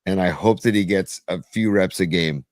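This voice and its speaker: A man's voice: low-pitched, normal speed, darkish tone, no echo. A man co-hosting a casual sports podcast, sounding weary and frustrated, often restarting his sentences. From San Francisco Bay Area. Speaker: podcast co-host.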